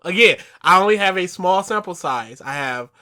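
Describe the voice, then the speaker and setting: A man's voice: high voice, moderate pace. A man co-hosting a podcast, arguing animatedly in casual chat. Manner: animated, argumentative. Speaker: podcast co-host.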